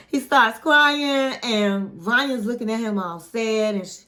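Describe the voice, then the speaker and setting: A woman hosting her own online channel, giving a casual, chatty recap of a reality show with an animated, playful delivery. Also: a little high. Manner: animated, playful, drawn-out flourishes. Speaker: YouTube host reviewing a reality show.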